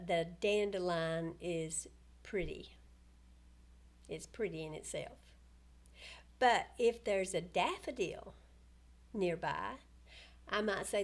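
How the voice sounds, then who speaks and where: Older Southern woman, slow, homey grammar teacher, mid-pitched, patient and folksy. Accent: rural Southern US. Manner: slow, homey and patient, with little laughs and self-corrections. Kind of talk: casual grammar lesson.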